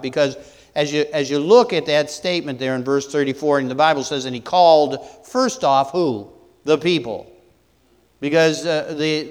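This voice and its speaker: A man preaching a sermon as pastor, halting with many fillers and restarts and asking the congregation rhetorical questions. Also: medium pitch, smooth, big-room sound.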